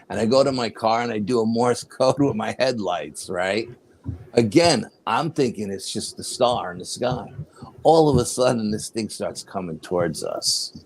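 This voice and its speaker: A man's voice: on the low side, moderate pace, breathy edge. An older man telling a paranormal story as an interview guest, acting out the dialogue as he goes. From New York. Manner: animated storyteller, acts out quoted dialogue.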